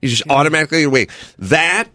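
A man's voice: fairly high pitch, lively intonation, rapid-fire, bright, forceful tone, dry recording. A man hosting a podcast, chatting casually in a studio and acting out quoted bits as he tells a story. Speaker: podcast host. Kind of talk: casual comedic studio chat.

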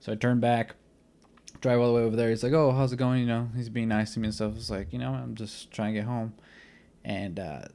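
A man's voice: lowish voice, level tone, a little fast, creaky, dark tone. Rambling young man telling a story. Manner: rambling, filler-heavy, retells scenes with quoted dialogue. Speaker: podcast host. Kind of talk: casual storytelling.

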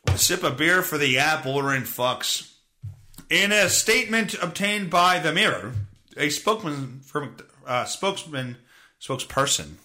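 A man's voice: a little high, animated, a little slow, sharp tone. A man hosting a podcast, delivering a profane, sarcastic, rambling comedic monologue. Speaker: podcast host.

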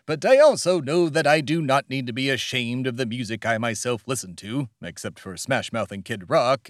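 Blustering pompous man, very lively pitch. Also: no echo, clean studio sound. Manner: pompous, over-the-top patriotic bluster. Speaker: comedy podcast host in character. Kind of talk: satirical scripted comedy monologue.

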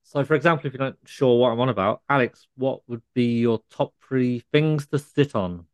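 A man co-hosting a casual comedy podcast, delivering mock-scolding deadpan rants. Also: mid-range voice, moderate pace, smooth. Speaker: podcast co-host.

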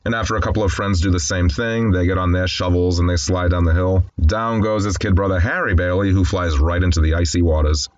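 A low-voiced man talks through a film scene by scene, reading its dialogue aloud and adding wry, conversational asides. The sound is a little dull and lo-fi. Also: steady tone, brisk, hardly any pauses, no echo. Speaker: host. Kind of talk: film commentary and scene description.

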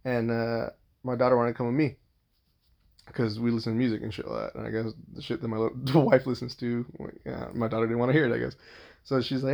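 Gravelly, profane man telling a story. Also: medium pitch, little pitch movement, fast, a little mellow. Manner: rambling and profane, heavy swearing and restarts. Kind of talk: casual storytelling monologue.

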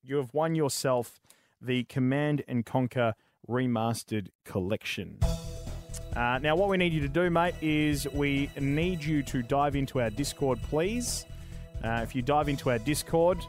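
A man's voice: medium pitch, measured pace, faint music behind. An Australian man hosting a gaming stream in a rambling, upbeat, casually swearing manner. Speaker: host of a gaming show stream. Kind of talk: casual live-stream chat and giveaway hosting.

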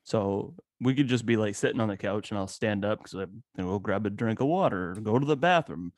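A man's voice: a little fast, no room sound. Dry-voiced male podcast co-host. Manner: storytelling, mimics his son in a higher voice. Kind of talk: casual chat.

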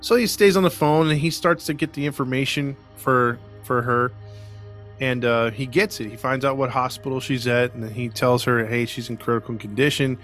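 A man hosts a casual podcast and tells a story in an animated way. He drops into the voices of the people he quotes and laughs often. Faint music sits behind him. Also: mid-range voice, normal speed. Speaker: podcast host.

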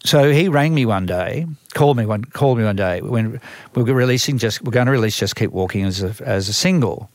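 Australian man, music manager, animated storyteller, mid-pitched voice, dry close sound. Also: fairly quick, few pauses, no echo. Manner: lively, acts out quoted voices, frequent restarts. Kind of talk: storytelling conversation.

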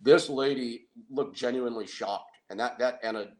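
A middle-aged man telling an anecdote in a casual, excitable way, with restarts. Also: mid-range voice, moderate pace, slight background noise, rough recording. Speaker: guest storyteller. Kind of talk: casual anecdote on a talk show.

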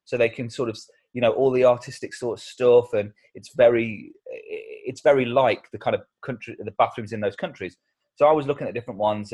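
A man's voice: fairly low pitch, darkish tone. A man co-hosting a casual comedy podcast, joking, laughing often and rambling with restarts. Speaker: podcast co-host.

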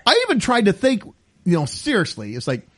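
A man hosting a casual podcast chat, his voice sitting a little high for a man. He tells stories with big swings in pitch and laughs often. The sound is dry and close. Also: brisk, slightly rough, no room sound. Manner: laughs often, animated storytelling. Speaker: podcast host.

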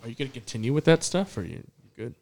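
Co-host type, man, lively pitch, fast, short profane reactions. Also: gravelly. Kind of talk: casual chat.

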